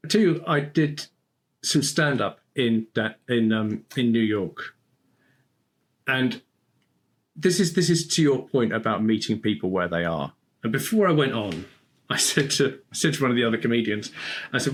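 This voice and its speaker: A man guesting on a podcast as a speaking coach, telling stories in an animated way and laughing often. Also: medium pitch, normal speed. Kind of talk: storytelling in conversation.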